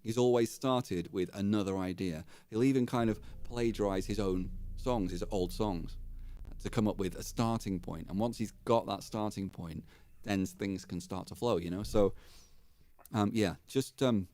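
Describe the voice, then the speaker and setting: A middle-aged man talks in a fairly low voice. His speech is loose and rambling, full of jokes and enthusiasm. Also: a little slow, warm tone. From England. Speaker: guest guitarist. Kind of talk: casual interview chat.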